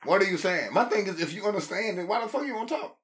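A man co-hosting a podcast, talking in an animated, profane way with frequent stammered restarts. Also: high-pitched, quick pace. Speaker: podcast co-host. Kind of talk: casual podcast banter.

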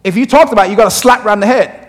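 High-voiced African pastor, reverberant church. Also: male voice, racing. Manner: humorous animated storytelling. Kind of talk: sermon. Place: church sanctuary. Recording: long church hall reverb.

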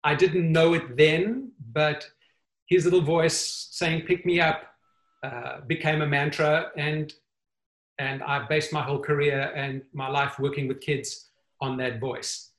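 A man being interviewed as a guest, speaking earnestly and haltingly, often restarting his sentences. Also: a little high, fairly even intonation. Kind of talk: conversational interview. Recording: roomy echo.

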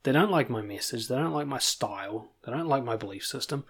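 A man, a confidence coach giving a blunt motivational monologue, swearing freely and pushing points with animated emphasis. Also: medium pitch, brisk, few pauses, husky.

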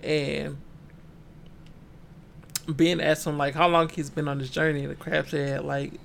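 A man's voice: fairly high pitch, level tone, measured pace, vocal fry, fairly bright tone, slight background noise. A man co-hosting a casual book-club podcast, retelling a story in laid-back slang and acting out the characters' lines. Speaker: podcast co-host.

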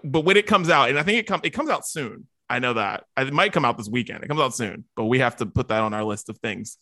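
A man co-hosting a casual podcast chat, talking in an excitable, emphatic way. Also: mid-range voice, quick pace, no echo, studio quality. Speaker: podcast co-host.

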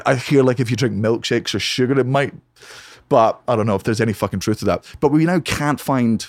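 A man, a comedian guest on a podcast, telling a story in a lively, profane, casual way. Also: mid-range voice, dry recording. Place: home podcast studio.

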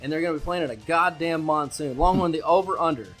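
A man co-hosting a sports betting podcast, talking loudly and brashly with lots of swearing and hype. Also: fairly high pitch, fast, faint music behind. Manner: loud, brash, profane and hyped. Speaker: podcast co-host.

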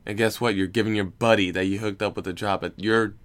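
A man's voice: on the low side, fairly even intonation, fast, fairly bright tone. A young man hosting a casual recorded chat, rambling and teasing with jokes. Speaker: podcast host.

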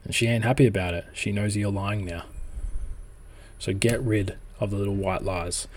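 Blunt, swearing man with a low voice. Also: fairly even intonation, normal speed. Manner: blunt, swears freely, acts out dialogue. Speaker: relationship advice speaker. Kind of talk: casual monologue.

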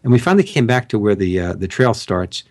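A man's voice: on the low side, sing-song, fast, darkish tone. A man in casual conversation, telling a rambling personal story with frequent restarts. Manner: rambling anecdotes with many restarts.

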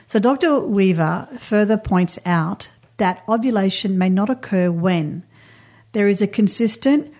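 A woman talks through health and astrology advice in an earnest, direct way, as if to a listener at home. Her voice is mellow and soft-edged, pitched in the middle. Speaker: astrology and wellbeing guest. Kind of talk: casual advice chat.

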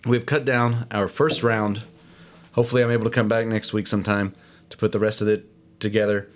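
A man's voice: lowish voice, little pitch movement, fairly quick. A man hosting a casual solo show, rambling and self-deprecating with many fillers. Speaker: podcast host. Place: home studio, alone.

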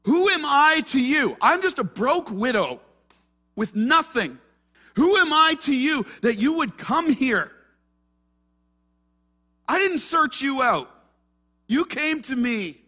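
A desperate widowed mother wails her accusation, put on by a male preacher. The voice climbs high and pushes hard and bright. She pleads in anguish, asking why this came on her. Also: big pitch swings, takes it slowly, pauses often, full character voice.

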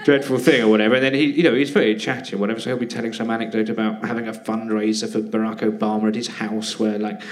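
This British comedian-actor guest races through self-deprecating, rambling anecdotes at a live podcast on a theatre stage, barely pausing. His voice is on the low side with little pitch movement, and he frequently laughs mid-sentence in the casual chat.

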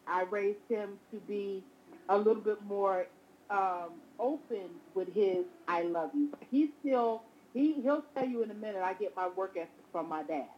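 A woman, a mother, talking casually in conversation, animated and often restarting her sentences. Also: mid-range voice, moderate pace, lo-fi sound. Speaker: guest, mother.

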